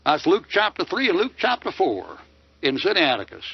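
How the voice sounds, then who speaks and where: A man's voice: high voice, very animated, fairly quick, vocal fry, slightly rough, no echo. An older man preaching a fiery sermon lecture, firing off mocking rhetorical questions. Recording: dull lo-fi dry recording.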